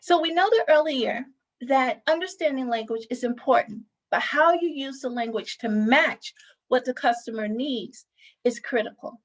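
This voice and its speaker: Woman giving a measured training talk. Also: a little high. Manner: measured, explanatory, emphasizes key words. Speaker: customer service trainer. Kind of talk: instructional presentation.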